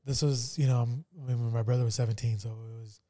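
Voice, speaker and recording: A man co-hosting a faith podcast speaks in a somber, halting way, full of fillers. His voice is very dark and mellow, at an ordinary pitch. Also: fairly even intonation. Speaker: podcast co-host. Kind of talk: casual personal testimony.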